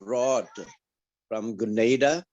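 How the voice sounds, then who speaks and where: A man in a class on a video call, telling a personal story in a halting way with restarts. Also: medium pitch, a little mellow, muffled recording. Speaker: class participant.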